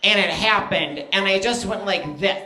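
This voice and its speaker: A man's voice: high-pitched, moderate pace, reverberant, background noise. A man in his thirties performing a stand-up comedy set on stage, chatty and self-deprecating, full of fillers and asides. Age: 30s. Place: stage in front of a live audience.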